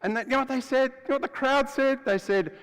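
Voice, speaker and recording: A man preaching as the freed prisoner Barabbas, telling his story in the first person with a chatty, storytelling manner that swings between loud and hushed. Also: very high-pitched, fast talker, smooth, pitched above the performer's own voice. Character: adult male prisoner Barabbas, rough and blunt. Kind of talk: first-person dramatic monologue in a sermon. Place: church. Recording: long church hall reverb.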